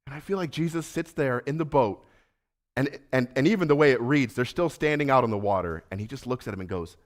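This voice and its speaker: A pastor preaches a sermon in a medium-pitched voice, animated and fairly quick. He acts out the voices of Jesus and Peter, swinging between loud, urgent lines and soft, hushed ones.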